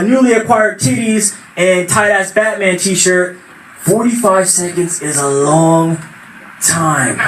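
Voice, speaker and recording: A young man telling an animated stand-up story at an open mic, now and then shouting out quoted voices. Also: high voice. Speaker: stand-up comedian. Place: small venue at open mic night. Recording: echoey room, far from mic, noisy.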